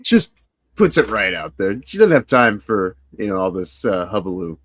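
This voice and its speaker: A man's voice: fairly low pitch, very animated, moderate pace, a bit bright. A man co-hosting a casual podcast, mostly chiming in with brief agreeing remarks. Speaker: podcast co-host. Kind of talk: casual chat.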